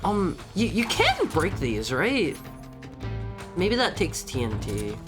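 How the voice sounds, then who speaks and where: A male streamer with a slightly raspy sick voice, commentating his own gameplay live, excitable, stammering and yelping when he panics. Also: sits high, takes it slowly, over music. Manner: excitable, yelps and panics, stammers and restarts often.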